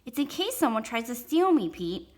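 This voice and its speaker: A woman's voice: on the high side, big pitch swings, moderate pace, pitched above the performer's own voice. A woman voicing a cheeky, chatty little boy of about five in a read-aloud story. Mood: insistent. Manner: chatty, eager, matter-of-fact.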